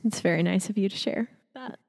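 A woman's voice: mid-range voice, fairly quick, vocal fry, darkish tone, big-room sound. A woman co-hosting a podcast in casual chat, talking in a chatty and opinionated way with plenty of fillers. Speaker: podcast co-host.

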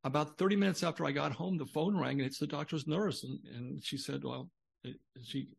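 A man's voice: on the high side, brisk, vocal fry, husky. An older man, a guest on a podcast interview, telling a long personal story in a rambling way with many restarts.

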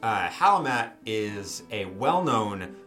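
A man's voice: lowish voice, very animated, takes it slowly, sharp tone, faint music behind. A man narrating a tabletop game as game master, rambling with many fillers.

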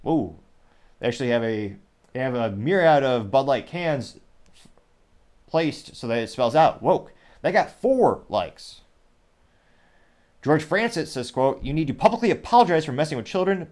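A man from Texas hosts his podcast in a loose, casual way, working through a list of social media replies. Between each one he drops wry, sarcastic asides. His voice sits at an ordinary middle pitch. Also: a little mellow. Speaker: podcast host.

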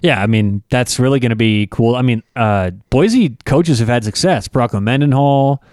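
A man's voice: mid-range voice, normal speed, darkish tone, dry recording. A man co-hosting a casual sports talk show, loose and rambling with plenty of fillers. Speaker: co-host.

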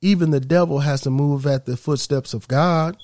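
A gentle, faithful woman who speaks softly and soothingly, as a male storyteller puts her on. Her quiet voice sounds dry and close, with no echo. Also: a little high, normal speed, lightly acted. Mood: tender. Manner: soft and soothing.

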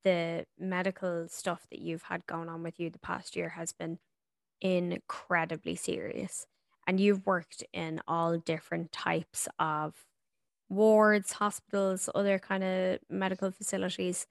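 A woman co-hosting a chatty podcast over a remote call, asking questions in a supportive way. Her voice is low and gravelly. It sits dry and close, with no room sound. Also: flat delivery, unhurried, dry recording. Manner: supportive, questioning, casual swearing. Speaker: podcast co-host. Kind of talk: casual chat. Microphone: remote call recording.

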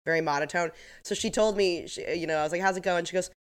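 A woman's voice: lowish voice, quick pace. A woman in her thirties co-hosting a podcast, chatting casually and rambling with lots of fillers and laughs. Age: 30s. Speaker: podcast co-host. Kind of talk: casual chat.

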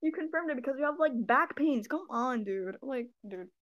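A woman chatting casually on an online group voice call, teasing her friends playfully and trailing off quietly. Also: sits high, lively intonation, normal speed, muffled recording.

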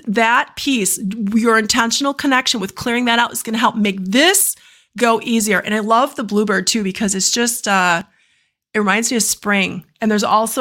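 A woman hosting a live stream, reading oracle cards and doing channeled healings, talking fast and effusively with rambling asides and exclamations. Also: fairly high pitch, fairly bright tone. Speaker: oracle card reader and energy healer. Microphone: live stream setup.

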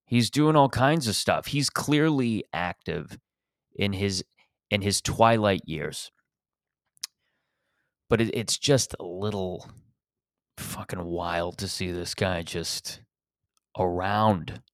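A man's voice: deep voice, takes it slowly, pauses often, no room sound, clean studio sound. A man hosting a podcast, riffing in a rambling, profane, sarcastic comedic monologue. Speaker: podcast host.

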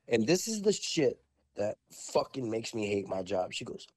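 Profane, animated man telling stories. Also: normal speed. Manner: profane storyteller who acts out callers in high voices. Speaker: podcast co-host. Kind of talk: casual chat.

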